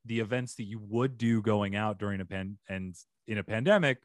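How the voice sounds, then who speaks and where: A man's voice: on the low side, fairly quick, no room sound. A man hosting a comedy advice podcast, giving advice and signing off in an upbeat, chatty way. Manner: upbeat, animated sign-off patter. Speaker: podcast host. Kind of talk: casual podcast chat.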